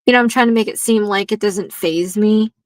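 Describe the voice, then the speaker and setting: A woman's voice: mid-range voice, fairly quick, no room sound, low-quality recording. A woman hosting a nail art livestream, chatting casually in a rambling way and laughing often.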